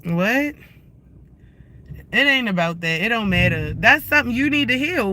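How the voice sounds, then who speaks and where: Very high, sharp-voiced man, heated livestream rant, confrontational and profane. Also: expressive, moderate pace, long pauses, slight background noise. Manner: confrontational, profane, repetitive questioning.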